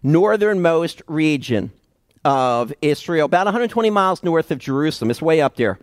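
A man preaching a sermon, slowly and emphatically explaining Bible passages with dramatic pauses. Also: fairly high pitch, animated, no room sound. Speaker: pastor.

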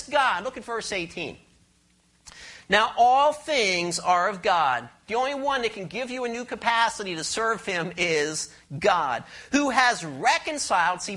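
A woman preaching a sermon, emphatic and questioning, leading the congregation in responses and slowing down to read verses. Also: fairly bright tone. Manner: emphatic, rising to high passionate stress, slowing to read verses; asks the congregation questions and leads call-and-response.

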